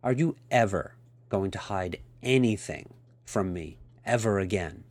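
A man's voice: lowish voice, measured pace, darkish tone, dry recording. A man voicing a cool, stern and commanding woman as he reads a story aloud, giving clipped orders.

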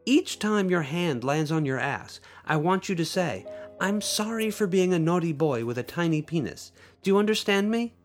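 A man's voice: fairly high pitch, animated, normal speed, faint music behind, natural voice. A man reading aloud and voicing a domineering, teasing woman stage performer who gives commands in a mocking tone. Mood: commanding.

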